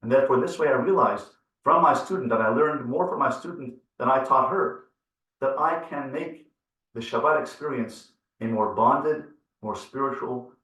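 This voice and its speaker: A man speaking as a rabbi in an earnest, storytelling lecture, stacking phrase on phrase to drive each point home. His voice sits at an ordinary middle pitch. It reaches the mic from some distance and carries a lot of room echo. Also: a bit bright. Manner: earnest, piles up repeated phrases for emphasis. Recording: roomy, from far off the mic.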